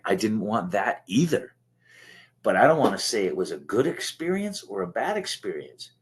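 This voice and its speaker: A man from Canada giving an earnest, emotional personal share at a recovery meeting, restarting his sentences often. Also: lowish voice. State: choked up.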